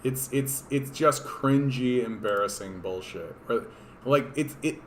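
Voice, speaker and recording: A man talks politics on a casual livestream in a hoarse, worn voice. His pitch sits in the middle range, and his delivery wanders, full of sarcasm and the odd curse. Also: measured pace, slight background noise. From Canada. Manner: sarcastic, rambling, profane. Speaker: political streamer.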